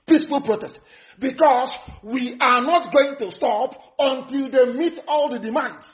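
A man's voice: very high-pitched, normal speed. A Nigerian man giving a fiery, scornful political broadcast, repeating phrases for emphasis. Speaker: activist addressing followers. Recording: dull lo-fi recording.

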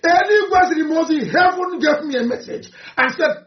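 A man with a Nigerian accent giving an impassioned speech, fiery and mocking, swinging from shouts to low mutters. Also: very animated, moderate pace, few pauses. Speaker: activist leader addressing supporters. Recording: roomy, dull lo-fi recording.

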